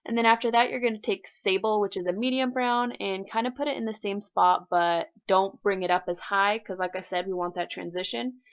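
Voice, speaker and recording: A woman's voice: medium pitch, brisk, hardly any pauses, smooth. A woman doing a chatty makeup tutorial voiceover with self-mocking asides. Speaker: beauty vlogger. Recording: slightly dull voiceover audio.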